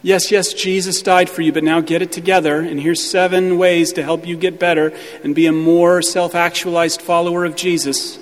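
A man's voice: on the high side, level tone, moderate pace, few pauses, long reverb tail, slight background noise. A male pastor preaching a sermon with emphatic, hammering repetition.

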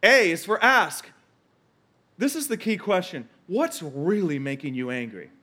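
A man's voice: sits high, animated, a little slow, sharp tone. A male pastor preaching a conversational sermon, emphatic and repetitive, with asides and quotes from scripture.

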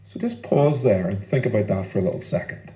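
A man preaching a sermon as pastor, earnest and emphatic, with deliberate pauses. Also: lowish voice, lively intonation, dark tone, reverberant, low-quality recording.

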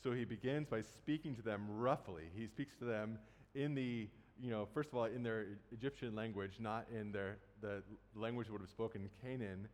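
A man's voice: fairly low pitch, moderate pace, hardly any pauses, darkish tone. Man preaching in a reverberant hall. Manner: conversational, acts out quotes casually. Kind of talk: sermon retelling a Bible story.

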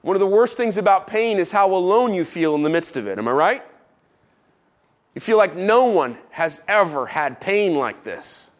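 A man preaching a sermon as pastor, who drops low and quiet for emphasis and adds playful asides. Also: expressive, normal speed.

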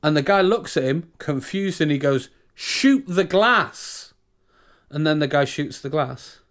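A man's voice: a little high, moderate pace. Chatty British man ranting on a podcast. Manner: chatty, ranting, restarts sentences. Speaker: podcast co-host. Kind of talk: casual chat.

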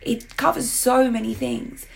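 Gravelly-voiced woman with a sore throat. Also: on the high side, unhurried, a little hiss or hum. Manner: chatty, animated asides. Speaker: podcast co-host. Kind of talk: casual chat.

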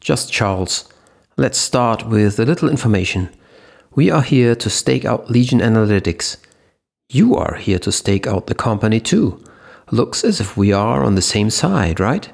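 A male narrator voicing a calm, diplomatic male doctor who tries to settle things down. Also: fairly low pitch, normal speed, creaky. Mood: placating. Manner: calming, reasonable.

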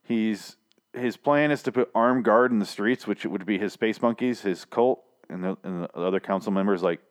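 A man with a somewhat low voice hosts a review podcast in a loose, casual way. He rambles, swears freely, and keeps restarting his sentences with fillers. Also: normal speed. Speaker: podcast host reviewing a TV series. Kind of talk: casual chat.

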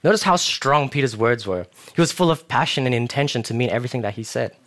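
Young male preacher, casual storyteller who acts out the scenes, mid-pitched voice. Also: quick pace. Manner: casual, animated storytelling with acted-out quotes. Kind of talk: sermon.

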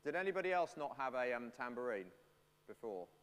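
A man's voice: mid-range voice, expressive, a little fast, a bit bright, smooth. A man leading a playful, chatty sermon and talking with the congregation. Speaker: preacher. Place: church. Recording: long church reverb.

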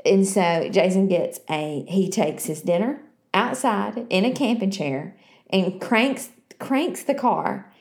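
A woman chatting casually and telling her story in an expressive way. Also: mid-range voice, slow. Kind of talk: casual chat.

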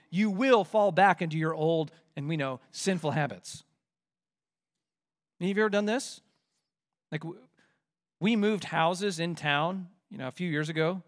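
A man's voice: on the high side, fairly bright tone. A man preaching a sermon as pastor, asking the listeners rhetorical questions and pressing his points with rising force.

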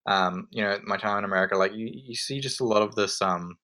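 A man in casual podcast chat. He rambles through his thoughts in an animated way and laughs easily with his co-hosts. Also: on the low side, fast. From Australia. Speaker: podcast co-host.

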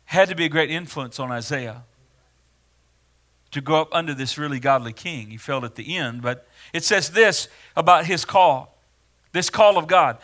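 A man delivering a sermon in a high, bright voice. He speaks earnestly and grows emphatic whenever he reads scripture aloud. His tone is forceful and clear. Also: animated, moderate pace. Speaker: preacher.

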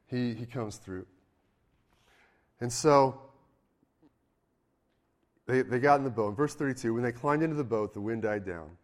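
A man preaching a sermon in a casual, energetic way, with sudden loud bursts when he acts out a story. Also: mid-range voice. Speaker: pastor.

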